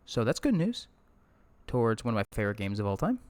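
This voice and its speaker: A man's voice: fairly low pitch, huge pitch swings, fast talker, a little mellow. Profane ranting man hosting an esports podcast. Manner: profane, ranting, talks to live chat. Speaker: podcast host. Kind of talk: casual solo esports podcast rant. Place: indoors at a streaming setup.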